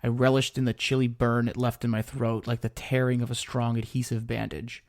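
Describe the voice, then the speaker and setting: A man narrating a first-person story in a measured, deliberate reading. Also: mid-range voice, completely flat delivery. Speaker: narrator and writer.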